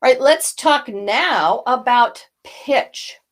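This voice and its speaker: Older woman, voice coach, teaching a lesson, animated, higher voice. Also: slow. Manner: animated, demonstrates vocal effects as she explains.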